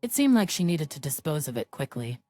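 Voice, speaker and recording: A woman narrating a first-person story in an even, measured scripted reading. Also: sits low, dry recording, soft background music.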